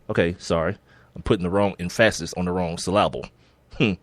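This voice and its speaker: A man co-hosting a sports podcast, talking in a relaxed, casual way and often laughing as he reads out sports history. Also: deep voice, brisk, dry recording. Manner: laid-back, laughs often, reads listings with slips. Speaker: podcast co-host.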